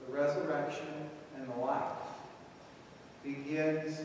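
A man preaching a slow, reflective sermon, as pastor, with long pauses. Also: a little high, distant mic. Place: large church sanctuary. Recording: echoey church hall from afar.

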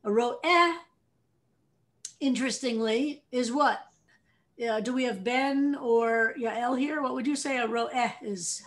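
A woman's voice: fairly high pitch, a little slow. American woman rabbi teaching a class. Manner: animated explainer, asks the class questions. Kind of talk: teaching a text study session.

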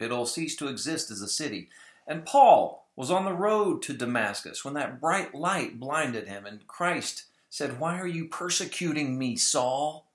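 A video blogger discusses Bible prophecy in a casual, strongly opinionated commentary vlog, often mockingly imitating other people. His medium-pitched voice is fairly bright, and the room has a roomy echo.

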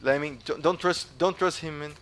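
A Brazilian man commentating gameplay for his viewers, excitable and jokey, swearing often and switching into Brazilian-accented English. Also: a little high, moderate pace, a little hiss or hum. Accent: Brazilian Portuguese. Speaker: gaming YouTuber.

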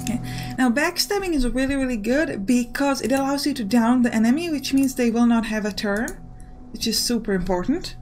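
A young woman gives gameplay commentary in a slightly high voice. She talks quickly and explains each move, leaning on little fillers. Faint game music plays underneath. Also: animated. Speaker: let's play host.

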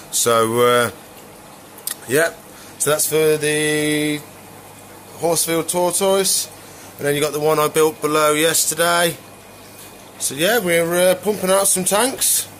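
A man's voice: fairly high pitch, slight background noise. Chatty man rambling about his pets. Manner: rambling, relaxed, many "so yeah" fillers. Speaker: exotic pet keeper and vlogger. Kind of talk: casual chat while showing animals.

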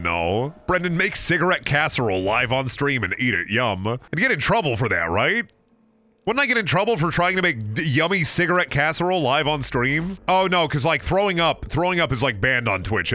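A man's voice: mid-range voice, sharp tone. A young man chatting casually on a gaming livestream, rambling and joking, often restarting his sentences. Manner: rambling, self-interrupting, joking. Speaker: streamer.

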